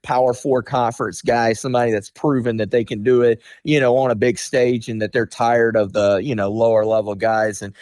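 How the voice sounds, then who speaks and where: A man's voice: medium pitch, steady tone, a little mellow, no echo. Blunt man giving inside sports talk. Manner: blunt, candid, fills pauses with "you know" and "um". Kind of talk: radio sports talk interview.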